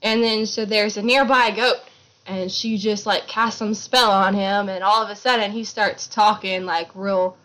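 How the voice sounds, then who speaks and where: A woman's voice: mid-range voice, fairly even intonation, moderate pace, fairly bright tone, low-quality recording. A woman, co-hosting a casual book chat, retelling a story playfully and slipping into silly voices. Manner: playful, laughs often, slips into silly voices. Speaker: book podcast co-host.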